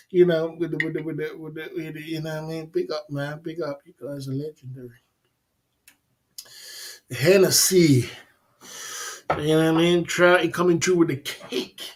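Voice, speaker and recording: A man's voice: fairly high pitch, fairly bright tone. A man hosting a livestream in casual chat, repeating his phrases, speaking in slang and laughing often. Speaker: livestream host.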